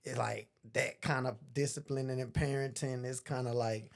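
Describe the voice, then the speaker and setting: Man, gravelly voice, casual chat, animated storytelling, laughing. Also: medium pitch, moderate pace.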